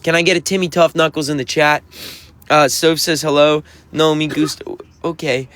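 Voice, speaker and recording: A man's voice: a little high, fairly even intonation, moderate pace, fairly bright tone. A man, a touring musician, reading out and answering viewer comments on a livestream in a sassy, teasing, mock-offended way. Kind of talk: livestream reading chat aloud.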